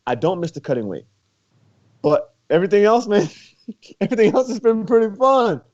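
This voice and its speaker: A man's voice: sits high, expressive, moderate pace, a little mellow. A young man and former college wrestler, talking casually as a guest, laid-back, laughing often and filling his talk with "you know" and "like". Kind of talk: casual interview chat. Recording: muffled lo-fi recording.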